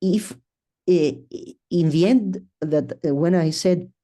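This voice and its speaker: Middle-aged man, academic lecture, slow delivery, halting with restarts, thinking aloud over slides. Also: sits high, dark tone. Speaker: symposium presenter.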